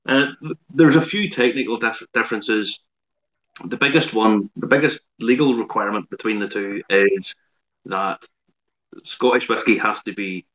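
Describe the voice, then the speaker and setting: A man, a whiskey expert on a live online show, explaining in a measured way with dry humour. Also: fairly low pitch, a bit bright.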